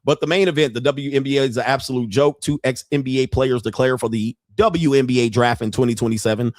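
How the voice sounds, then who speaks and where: A man's voice: medium pitch, brisk, darkish tone, no echo, studio quality. A man hosting a podcast who talks in loose, profane, comedic commentary, laughs often and acts out street exchanges. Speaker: podcast host.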